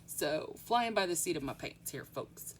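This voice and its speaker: Chatty woman with a lowish voice. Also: expressive, a little slow, slight background noise. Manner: chatty, rambling, frequent ums. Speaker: nail art tutorial host. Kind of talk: casual tutorial chat.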